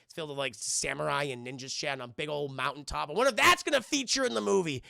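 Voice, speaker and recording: A man's voice: on the high side, animated, fast talker, vocal fry, bright, forceful tone, no room sound, clean studio sound. A man doing a rambling, profane scene-by-scene film review, talking straight to his live chat. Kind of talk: casual livestream film review.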